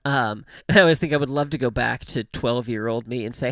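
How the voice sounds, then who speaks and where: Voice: mid-range voice, big pitch swings, moderate pace, vocal fry, pauses often, a bit bright, no room sound. A gaming livestream host chatting casually into a studio mic with a pop filter, rambling with fillers and self-corrections and laughing often. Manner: laughs often while talking. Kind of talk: casual chat while livestreaming a game. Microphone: studio microphone with pop filter.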